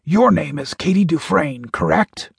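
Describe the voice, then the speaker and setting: A man's voice: fairly high pitch, very animated, unhurried, gravelly, slightly rough, no room sound, exaggerated voice. A male audiobook narrator voicing a stern alien soldier who gives clipped, commanding orders, recorded in a dry booth. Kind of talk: audiobook character voice.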